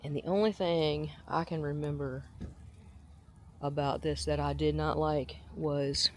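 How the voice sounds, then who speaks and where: A woman, chatting casually as she films her visit to a farm, often breaking into a high, gushing voice at the animals. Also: fairly even intonation, measured pace, slight background noise. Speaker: vlogger. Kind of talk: casual outdoor vlog narration. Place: outdoor farm attraction. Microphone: handheld camera mic.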